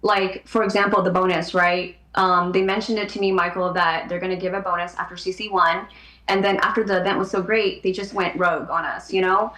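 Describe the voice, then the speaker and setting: Guest, woman, mid pitch, earnest, recorded in a reverberant room. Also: fairly even intonation, a little fast, a bit bright. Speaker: podcast guest. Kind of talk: casual interview talk. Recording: echoey room.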